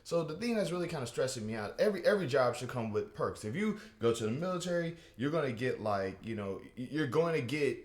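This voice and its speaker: A man doing a rambling, animated stand-up comedy rant, with many restarts and asides. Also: mid-range voice, quick pace, few pauses, echoey room.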